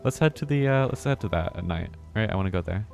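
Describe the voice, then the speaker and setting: Low-voiced male streamer reacting aloud. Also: lively intonation, fast talker, creaky, a little mellow, soft background music. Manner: reactive, swears when startled, mutters to himself. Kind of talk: live gameplay commentary.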